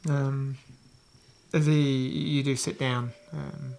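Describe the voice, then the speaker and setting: A man with a New Zealand accent narrating as game master of a tabletop game, rambling with many pauses and restarts. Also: medium pitch, flat delivery, gravelly, a little mellow.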